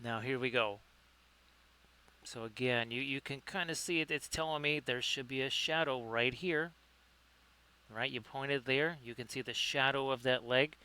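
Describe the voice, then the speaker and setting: A painting tutor hosts a live-streamed miniature painting lesson, chatty and upbeat, greeting viewers by name and correcting himself along the way. His mid-range voice is bright, forceful and smooth, at a moderate pace.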